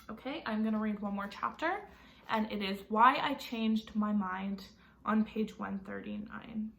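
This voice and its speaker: A woman's voice: medium pitch, fairly even intonation, measured pace, gravelly, fairly bright tone. A woman teacher reading a novel aloud and asking her students friendly questions.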